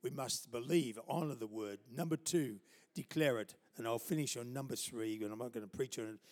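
A man preaching a sermon as a pastor, telling personal stories with chuckles and building to loud, emphatic declarations. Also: medium pitch, fairly quick, in a large hall. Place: church.

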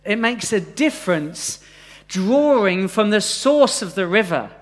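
Male preacher, high-pitched, easygoing delivery, live sermon with questions to the room. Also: expressive, a little slow. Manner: conversational, asks the congregation questions. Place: church, live congregation.

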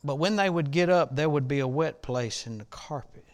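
A middle-aged man preaching a sermon in a church, repeating a question like a refrain and building from quiet reflection to impassioned shouting. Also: fairly high pitch, moderate pace. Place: church sanctuary.

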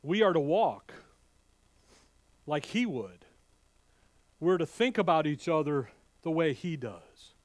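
Slow, with long pauses and a slightly high voice, a pastor preaches with fiery animation, alternating loud outbursts and hushed asides. He talks to his congregation in a folksy, direct way, and there's no echo.

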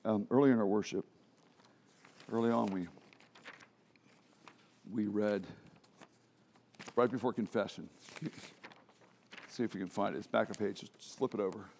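A man preaching a sermon as pastor in a church service, animated and self-deprecating, often restarting his sentences and laughing. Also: fairly low pitch, unhurried, creaky, long pauses, slight background noise. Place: church during a worship service.

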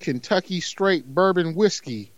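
A man's voice: sits high, expressive, a little slow, no room sound, dull audio. A man co-hosting a podcast, chatting casually and teasing, stretching out long words syllable by syllable. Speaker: podcast co-host. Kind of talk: casual comedic chat.

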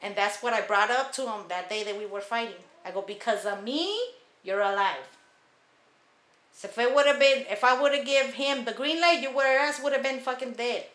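In an echoey room, a woman with a slightly high voice speaks at a moderate pace while co-hosting a podcast. She tells a family story in casual conversation, swearing freely and animatedly acting out the people she quotes.

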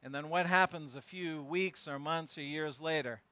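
Man, pastor, preaching with emphatic rhetorical questions; voice high and bright. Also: moderate pace, dry recording. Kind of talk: sermon with verse-by-verse Bible teaching.

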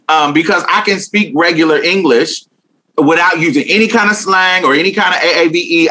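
A woman's voice: on the low side, pushed and bright, husky. A young woman talking candidly in an interview, blunt and emphatic, swearing freely and laughing often. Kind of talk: candid casual conversation.

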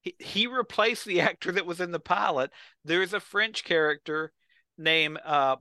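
A man's voice: high voice, normal speed, pushed and bright, no echo. A man on a podcast, telling a story with enthusiasm and acting out the quotes. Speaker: podcast co-host. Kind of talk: casual chat.

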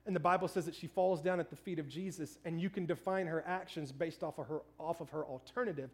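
A man in his thirties preaching a sermon, telling a funny story about himself in an animated way. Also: a little high, fast. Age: 30s. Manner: storytelling, animated, self-mocking. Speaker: pastor.

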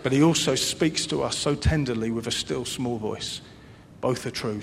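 A man preaching a sermon in an earnest way, repeating phrases and swinging between loud emphasis and hushed, soft passages. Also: normal speed, vocal fry, hardly any pauses. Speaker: pastor. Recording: long hall reverb with faint low rumble.

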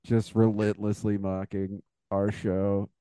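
A man's voice: lowish voice, level tone, takes it slowly, warm tone, smooth, dry recording, clean studio sound. A man co-hosting a podcast in casual chat, joking and self-mocking. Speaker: podcast co-host.

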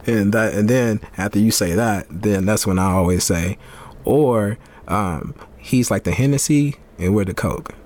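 A man's voice: on the low side, a little slow, darkish tone. A man co-hosting a podcast in a laid-back, joking, slangy way. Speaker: podcast co-host. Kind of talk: casual chat.

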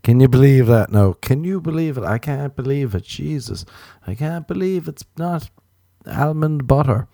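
A man hosting a solo late-night podcast, rambling and joking at his own expense with sudden jumps in pitch. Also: expressive, moderate pace, creaky, dark tone, no room sound, clean studio sound. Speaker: podcast host.

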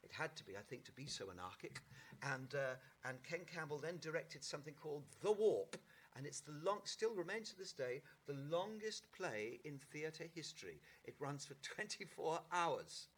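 A middle-aged actor telling anecdotes in an interview, in a lively raconteur's manner with halting restarts. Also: male voice, fairly high pitch, slightly rough. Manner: animated raconteur, mimics voices, halting restarts. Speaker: actor guest.

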